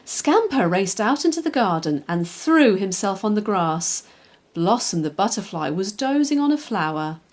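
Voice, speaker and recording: A woman, a children's author, reading her own picture book aloud in a lively, expressive storytelling way. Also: mid-range voice, normal speed.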